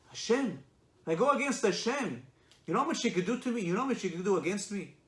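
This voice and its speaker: A man's voice: sits high, voice pushed up. A man retelling as an anguished old rabbi. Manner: impassioned, pleading, raised voice. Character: elderly rabbi, shaken, anguished, self-questioning. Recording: echoey room.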